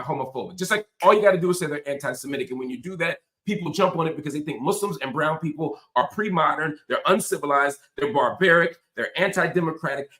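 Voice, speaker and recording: A man's voice: on the high side, a bit bright, roomy sound. Impassioned man, political commentary. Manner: impassioned, emphatic, repetitive rhetorical. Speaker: host.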